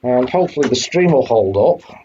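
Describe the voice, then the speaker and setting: A man's voice: medium pitch, lively intonation, a little fast, mellow, dull audio, a little hiss or hum. A man hosting a retro game live stream, chatting casually and swearing now and then. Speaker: streamer host.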